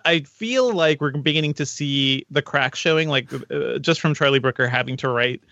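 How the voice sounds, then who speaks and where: A man co-hosting a podcast, chatting in an animated way. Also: medium pitch, normal speed, no echo, highs cut off. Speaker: podcast co-host. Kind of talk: casual chat.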